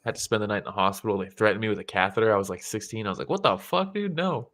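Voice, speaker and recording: A young man with a low-set but bright, forceful voice talks loosely on a podcast. He swears freely and slips into quoted voices as he tells things. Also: racing. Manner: relaxed, swears often, acts out quotes. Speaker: podcast co-host. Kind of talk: casual chat reacting to fight photos.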